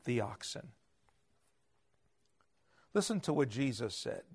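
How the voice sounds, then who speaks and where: A man preaching a sermon, swinging between loud emphasis and hushed asides. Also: mid-range voice, very animated, takes it slowly, slightly rough. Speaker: pastor.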